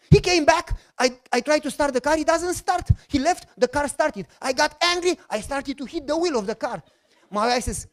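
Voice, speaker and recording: A middle-aged man with a Romanian accent, preaching a sermon as a lively, joking storyteller who acts out the dialogue. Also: very high voice. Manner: animated, jokey, acts out dialogue. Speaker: pastor.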